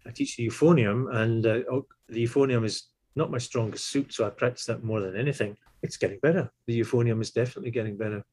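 A man in his sixties, a tuba player and teacher, telling stories in a relaxed, animated way and acting out the voices he quotes. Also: medium pitch, fast, few pauses, breathy edge. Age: 60s. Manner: animated, acts out quoted voices, chuckles often. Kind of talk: relaxed anecdotal storytelling.

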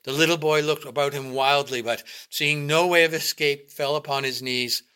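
A man reading a short story aloud in a measured, dramatic narration. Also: fairly high pitch, fairly even intonation, pushed and bright, clean tone. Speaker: reader.

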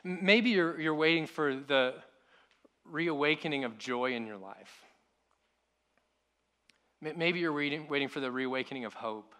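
A man, a pastor, preaching a sermon in an earnest way, repeating his words and dropping to a hushed voice on key lines. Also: fairly high pitch, moderate pace, pauses often.

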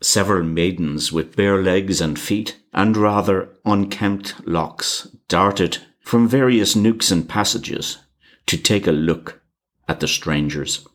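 Low-voiced guy reading an old tale, slow and formal. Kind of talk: storybook narration.

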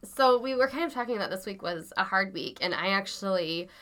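A woman co-hosting a podcast who sounds sick, with a nasal, lowered voice, making dry, wry remarks in casual chat. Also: lively intonation, a little fast, a bit bright. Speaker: podcast co-host, school principal. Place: small closet recording studio.

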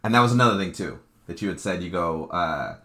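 Bright-voiced man telling a lively story. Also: deep voice, fast talker. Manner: animated, acts out quoted dialogue, laughs often; loose slangy speech with swearing. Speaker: guest telling his recovery story. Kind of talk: casual storytelling chat.

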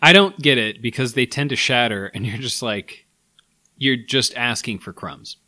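A man co-hosting a casual food-tasting podcast, playful and quick to laugh. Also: medium pitch, bright, forceful tone, no echo. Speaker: podcast co-host. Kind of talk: casual chat.

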